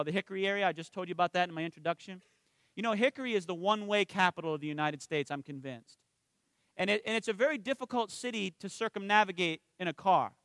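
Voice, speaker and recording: A man preaching with a high, bright voice in a dry, close sound. He keeps it conversational and asks his listeners for an "amen" now and then. He slows right down and goes quiet when he lands a spiritual point. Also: clear, resonant tone, dry recording. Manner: conversational, asks the congregation for responses. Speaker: minister. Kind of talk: sermon with personal stories.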